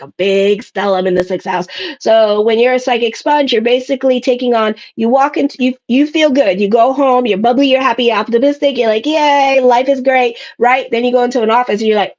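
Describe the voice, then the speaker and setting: Brief: middle-aged woman, casual astrologer, chatty and rambling, slightly high voice, dull lo-fi sound. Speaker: astrologer giving a monthly reading. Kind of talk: casual monthly horoscope reading.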